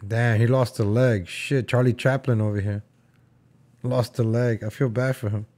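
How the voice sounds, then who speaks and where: A man's voice: mid-range voice, fairly even intonation, normal speed, darkish tone. A young man casually joking and rambling as he reacts to old film footage for his viewers. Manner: joking, rambling, talks to viewers as folks and guys.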